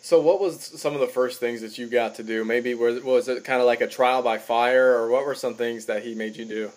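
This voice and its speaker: A man's voice: mid-range voice, fairly even intonation, a little fast, no room sound. A man hosting a podcast, introducing a guest and asking questions in a loose, conversational way with plenty of filler words. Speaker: podcast host.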